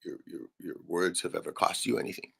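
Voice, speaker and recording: A man's voice: low-pitched, quick pace, vocal fry, a bit bright, slightly rough. A man on a live stream venting in a rambling way, swearing often and tagging "right?" onto his sentences. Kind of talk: casual venting monologue.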